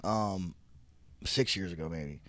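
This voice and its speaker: A man's voice: deep voice, slow, a loud crowd. A man co-hosting a podcast in casual chat, a teasing joker who tells a story plainly. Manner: teasing, joking, then earnest storyteller. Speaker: podcast co-host.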